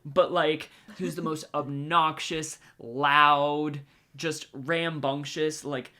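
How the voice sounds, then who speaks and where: A man's voice: a little high, little pitch movement, slow pace, bright, forceful tone. A man hosting a podcast, chatting casually and laughing often. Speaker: podcast host. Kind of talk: casual chat.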